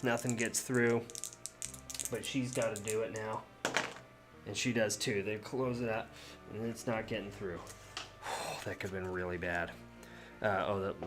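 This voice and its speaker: Chatty man playing a tabletop game. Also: lowish voice. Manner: chatty, reacts aloud to dice rolls. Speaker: solo game player and host. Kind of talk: casual solo tabletop game play with reading of cards.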